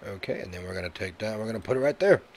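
A man's voice: fairly low pitch, expressive, very fast, slight background noise. A man hosting a casual let's-play commentary of a video game, chatty and joking, with lots of "uh" fillers. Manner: jokey, chatty, many "uh" fillers. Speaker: gaming YouTuber.

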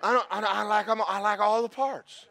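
A man preaching a sermon as pastor, animated and breaking into shouted praise. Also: sits high, normal speed, some chatter behind.

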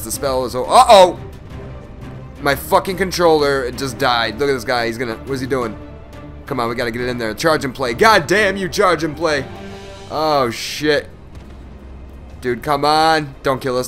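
A man commentates live over his own gameplay, excitable and swearing freely. His low muttering keeps breaking into loud yelps.

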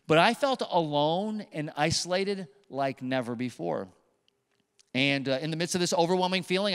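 A male pastor delivers his sermon in an animated storytelling manner, leaning on emphatic repetition. His voice sits high and comes through smooth and resonant. The sound carries a long reverb from a large church sanctuary.

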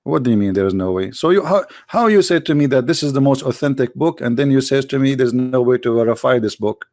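A man's voice: mid-range voice, expressive, fast, a little mellow, dry recording, studio quality. A man hosting a heated call-in debate, insistent and sarcastic, pressing with repeated questions and cutting in. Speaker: debate host.

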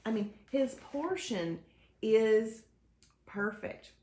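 A woman's voice: fairly high pitch, lively intonation, extremely slow, a little mellow. A woman hosts a live show, cheerfully greeting viewers by name and mixing in devotional teaching. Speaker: host of a faith-based weight-loss live show. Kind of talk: casual live-stream chat, reading viewer comments. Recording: echoey room.

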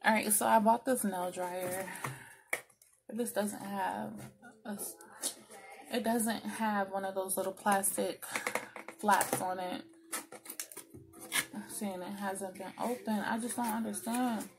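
A woman's voice: medium pitch, fairly even intonation, slow, creaky, pauses often, noisy background. A woman vlogger and small business owner, chatting casually to viewers as she unboxes packages and vents her frustration, cussing freely.

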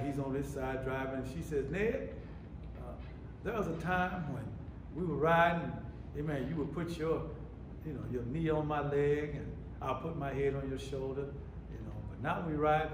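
A man's voice: a little high, normal speed. A male pastor preaching, his delivery rising and falling as he keeps calling out for the congregation to respond. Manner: rising and falling sermon cadence with repeated calls for response. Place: church sanctuary. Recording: echoey church sanctuary, faint room noise.

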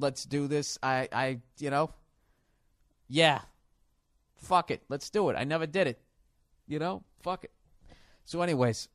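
A man hosting a podcast, telling a profane, rambling comedy story with loud, excited outbursts. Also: a little high, dry recording, clean studio sound. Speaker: podcast host. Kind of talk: casual comedic monologue.

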